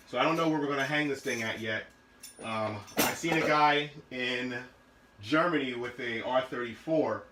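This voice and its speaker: A man's voice: medium pitch, fairly bright tone, echoey room, a little hiss or hum, rough recording. A man casually showing car parts in his garage, talking loosely with many fillers and restarts. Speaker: car build vlogger.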